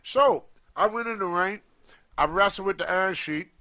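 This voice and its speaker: A man's voice: high-pitched, normal speed. Older man telling a story. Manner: animated storyteller, acts out quoted voices. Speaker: guest. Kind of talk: storytelling in a podcast interview.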